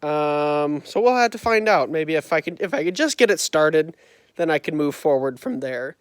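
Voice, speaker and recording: A man's voice: on the high side, animated, moderate pace, clear, resonant tone, no room sound. A man vlogging about fixing an old tractor, his voice muffled by a face mask, rambling with unsure asides and self-corrections, recorded on a phone in a farm building. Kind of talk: casual talk to camera. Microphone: phone camera.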